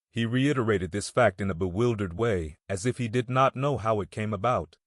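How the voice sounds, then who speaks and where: A man reading a classic novel aloud as an audiobook narrator, in a measured, steady way. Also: lowish voice, no room sound, studio quality.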